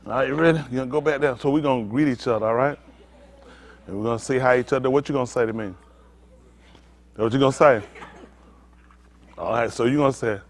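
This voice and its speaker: A man preaching as a pastor, coaxing and teasing volunteers from the congregation in a playful way. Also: medium pitch.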